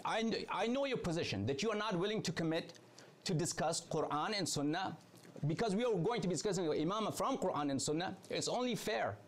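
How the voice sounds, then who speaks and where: Man, online debate, insistent, questioning, halting restarts, high-pitched. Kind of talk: heated online debate talk.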